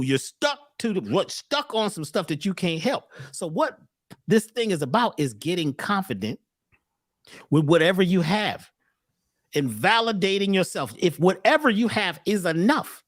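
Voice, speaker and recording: Animated, punning motivational man. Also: high voice, dry recording, studio quality. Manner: animated, preachy, punning and profane. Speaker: speaker and workshop teacher. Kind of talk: motivational lecture on a call.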